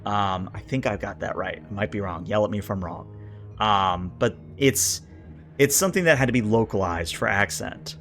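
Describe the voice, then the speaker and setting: A man streaming from a home desk mic, talking his way through a rulebook in a casual, rambling way. He reads list entries aloud and adds quick comments, with plenty of filler words and restarts. Soft music plays in the background. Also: lowish voice. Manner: thinks aloud, reads list entries then riffs on them; chatty, answers chat, frequent filler words and restarts. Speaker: streamer reviewing a tabletop RPG book.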